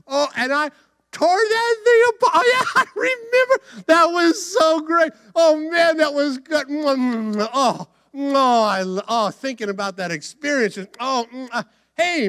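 A man's voice: high-pitched, gravelly, bright, forceful tone, heavily acted. A man acting out a young biblical strongman, gushing and smacking his lips over a treat. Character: greedy excited young male strongman.

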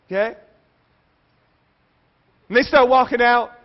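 Male preacher, high voice, acts out the characters in his sermon; muffled lo-fi sound. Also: moderate pace, pauses often. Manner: animated storytelling, acting out quoted voices. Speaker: pastor.

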